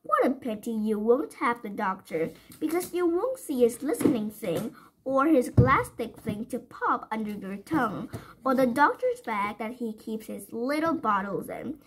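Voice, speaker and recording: A woman's voice: a little high, very animated, a little slow, background noise. Woman doing a teasing window cleaner man.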